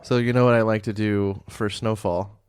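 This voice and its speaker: Tired podcast co-host, lively storyteller with a low voice, dry close mic, laughs a lot. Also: male voice, moderate pace, smooth, no room sound. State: tired after a night shift. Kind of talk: casual chat.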